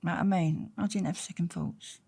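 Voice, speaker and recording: A woman's voice: lowish voice, brisk, gravelly, breathy edge. A woman, a guest telling blunt, slangy stories in an interview. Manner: blunt, slangy, animated storyteller. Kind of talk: storytelling in an interview.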